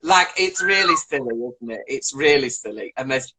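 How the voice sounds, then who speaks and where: A man, a drag performer, chatting as a guest on a live video call, animated and playful with quick jokes. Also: mid-range voice, breathy edge, poor audio. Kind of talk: casual live video chat interview.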